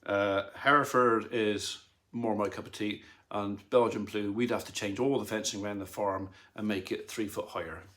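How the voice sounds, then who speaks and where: Rambling middle-aged farmer chatting live. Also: male voice, on the low side, steady tone, moderate pace, fairly bright tone. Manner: rambling, dry teasing humour. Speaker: farmer and channel host. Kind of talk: casual live-stream chat. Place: home lounge.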